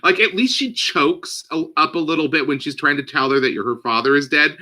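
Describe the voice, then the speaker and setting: A man co-hosting a casual movie discussion podcast, lively and playful, acting out lines from the film. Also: fairly high pitch, brisk. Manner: animated, acts out lines from the film in put-on voices. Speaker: podcast co-host.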